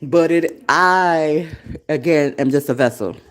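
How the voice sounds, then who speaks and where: Speaking in a low voice at a slow pace, a forties-aged woman hosts a casual solo podcast recorded on a desktop computer. The café founder rambles, laughs often, and curses heavily.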